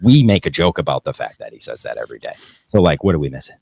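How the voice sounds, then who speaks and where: A young man hosts a podcast in casual chat, rambling and cursing freely, breaking into laughter often. His voice sits extremely low, and the recording is dry and close, with no room around it. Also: very animated, fast, vocal fry, a little mellow, no echo. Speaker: podcast host.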